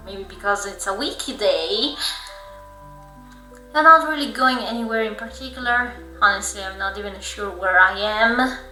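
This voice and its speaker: Brief: woman gamer reading story text, bright and lively, roomy echo with faint game music underneath. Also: on the high side. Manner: animated, laughing reactions. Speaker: gamer streamer. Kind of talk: reading and reacting to a visual novel.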